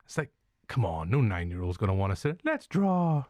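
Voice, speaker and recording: A man's voice: sits low, expressive, fast talker, darkish tone, no room sound. Northern irish guy reviewing films, jokey, swears a lot, dry close mic. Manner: jokey, laughs often, swears casually. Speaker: podcast host, film reviewer. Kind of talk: casual chat.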